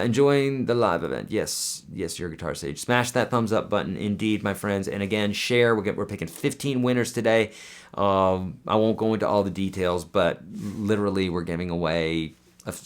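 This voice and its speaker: A man hosting a casual live Q&A as a guitar teacher, chatty and friendly, with lots of fillers and restarts. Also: low voice.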